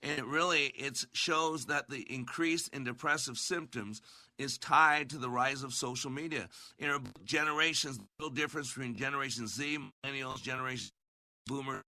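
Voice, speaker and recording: A man's voice: medium pitch, bright, forceful tone, no room sound. A man hosting a faith-minded podcast, talking in earnest, preacher-like bursts and hammering phrases through repetition. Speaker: podcast host. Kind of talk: preachy commentary.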